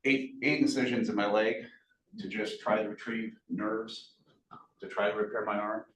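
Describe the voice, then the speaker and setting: A man tells a harrowing survival story to a room full of colleagues, earnest and animated, with a folksy, joking streak. He sits at a moderate pitch and is picked up from across an echoey meeting room. Faint hiss runs underneath. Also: moderate pace, recorded from a distance. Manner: earnest, animated, folksy with self-deprecating humor. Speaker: guest speaker. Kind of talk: motivational storytelling talk.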